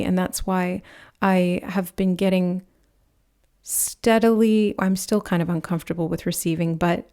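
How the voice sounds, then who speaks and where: Woman, tarot reader, gentle and earnest, warm mellow tone, rambling delivery. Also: medium pitch. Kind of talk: pick-a-card reading.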